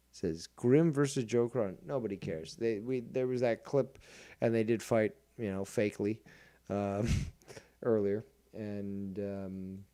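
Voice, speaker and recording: A man's voice: medium pitch, mellow. A man hosting a commentary show, ranting in a crude, profane and mocking way, rambling with many fillers. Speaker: show host.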